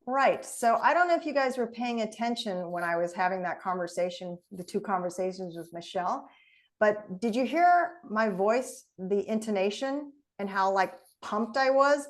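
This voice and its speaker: A woman trainer speaks in a mid-range voice over a video call, coaching in a lively, conversational way. She leads the session with an easy, direct delivery, and her pitch sits neither high nor low. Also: normal speed.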